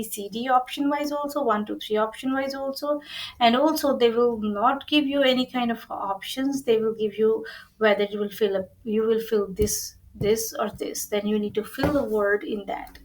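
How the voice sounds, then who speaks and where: A woman's voice: fairly high pitch, rough recording. A woman teaching an exam-prep lesson, explaining earnestly with many restarts and repeated phrases. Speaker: IELTS tutor.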